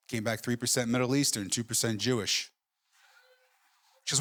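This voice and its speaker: A man's voice: mid-range voice, quick pace, pauses often, fairly bright tone. A middle-aged man doing a stand-up comedy set, telling brash, profane stories and peppering them with "right?" asides. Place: comedy club stage with live audience.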